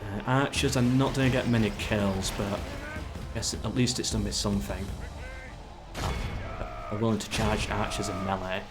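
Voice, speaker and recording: Game music plays as a man with a lowish voice and fairly even intonation comments at a moderate pace on his live strategy game. Casual and chatty, he gives his troops orders and talks to his chat.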